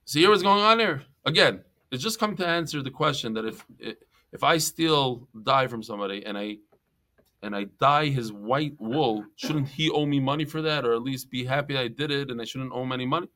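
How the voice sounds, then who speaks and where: A man teaching a Talmud class, lively and joking as he tells stories and mixes in Hebrew and Yiddish terms. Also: mid-range voice, a little fast.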